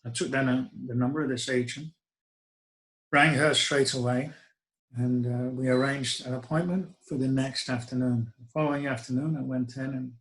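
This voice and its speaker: A man's voice: medium pitch, steady tone, moderate pace, rough recording. A middle-aged man, telling a personal story in a reflective, wry way with hesitant restarts. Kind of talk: first-person spoken storytelling.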